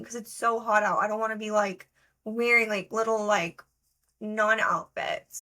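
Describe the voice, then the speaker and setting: A woman's voice: fairly high pitch, steady tone, normal speed, pushed and bright. A young woman co-hosting a podcast, telling stories in a casual, chatty way full of fillers. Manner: chatty, lots of fillers, storytelling. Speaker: podcast co-host. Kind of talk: casual chat.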